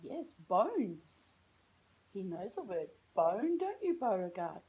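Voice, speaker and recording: Over poor audio, an Australian vlogger with a mid-range, warm voice takes her time, her pitch swinging widely. She tells a rambling, self-mocking story in a chatty way, drifting onto tangents and slipping into put-on American voices.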